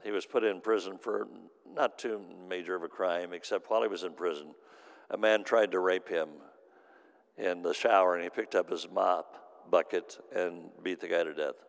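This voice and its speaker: A man with a lowish, gravelly voice delivers an earnest sermon, repeating phrases for emphasis. His words ring out with a long reverb across a large meeting hall. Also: steady tone, normal speed. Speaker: minister. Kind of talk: sermon storytelling.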